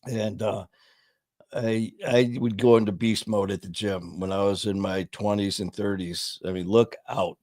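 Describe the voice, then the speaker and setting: A man's voice: lowish voice, level tone, a little slow, a little mellow, no room sound, clean studio sound. A middle-aged man hosting a live stream, telling stories in rambling, casual talk full of fillers. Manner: rambling storyteller, frequent "uh" and "you know". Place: home studio. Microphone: studio mic.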